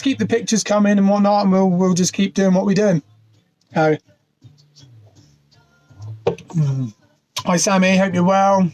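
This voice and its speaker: His voice sits high and sounds a little mellow as this British quiz host runs a laid-back pub quiz livestream from his van. He speaks into his phone and welcomes viewers by name.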